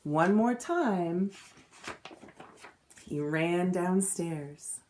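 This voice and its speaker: A woman teacher reading a children's storybook aloud with expressive storytelling. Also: on the low side, extremely slow.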